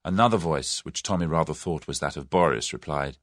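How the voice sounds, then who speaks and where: A man's voice: extremely low pitch, brisk, hardly any pauses, no room sound, studio quality. A man narrating an audiobook with dramatic storytelling. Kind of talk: scripted narration.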